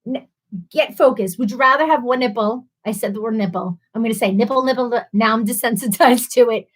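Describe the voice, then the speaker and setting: A woman's voice: on the high side, fairly quick. A woman hosting a casual live stream, laughing a lot and a little tipsy from wine as she reads out viewer comments. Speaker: livestream host.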